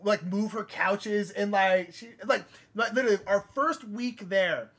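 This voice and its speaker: A man's voice: sits high, measured pace, fairly bright tone. A young man co-hosting a live game stream, chatting casually and telling rambling stories full of "like". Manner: rambling storyteller, lots of "like". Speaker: streamer co-host.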